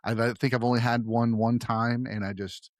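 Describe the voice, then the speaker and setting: A man's voice: medium pitch, little pitch movement, moderate pace, no room sound, clean studio sound. A man hosting a film podcast, talking casually and rambling, often trailing off and restarting. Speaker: podcast host.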